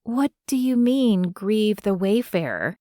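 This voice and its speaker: A woman's voice: medium pitch, big pitch swings, takes it slowly, mellow, no echo, studio quality. A woman narrator voicing a candid young woman who teases her friends and speaks openly. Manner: candid, teasing, easily alarmed.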